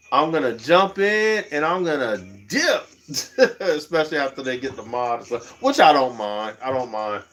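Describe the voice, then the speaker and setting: A man livestreaming, chatting casually and rambling, chuckling often as he talks. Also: medium pitch.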